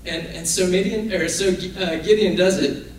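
In a very echoey room recorded from far off, with faint noise, a man preaches a casual, conversational sermon. His high voice keeps a fairly even intonation at a moderate pace, and he acts out the people in his stories.

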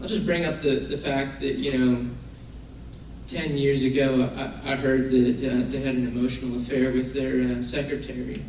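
A man with a mid-range, slightly mellow voice speaks at a normal speed with a flat delivery, preaching a casual, conversational sermon in which he acts out the people in his stories. It's recorded from far off in a very echoey room, with faint noise.

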